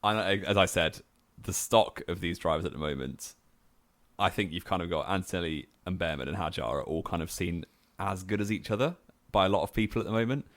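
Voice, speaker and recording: A man with a very low voice co-hosting a casual podcast chat. He states firm opinions steadily and laughs easily. The sound is dry and close, with no room around it. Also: fairly quick, fairly bright tone, no room sound. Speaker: podcast co-host.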